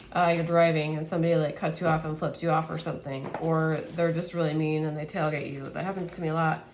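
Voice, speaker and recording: A woman reads tarot for her viewers in a low voice, earnest and easily moved, laughing now and then. She rambles and restarts her sentences. A faint hiss of noise sits behind her. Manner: earnest, emotional, laughs often. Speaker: tarot reader. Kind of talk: spiritual tarot reading to camera.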